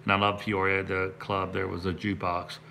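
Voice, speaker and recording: A middle-aged man from Kentucky talks to his livestream viewers in a loose, rambling way, restarting sentences and drifting into asides. His voice sits low and carries plenty of gravelly fry, yet it has a bright, forceful edge. A faint noise runs underneath. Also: completely flat delivery, brisk. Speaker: comedian and prank video host. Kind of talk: casual livestream chat.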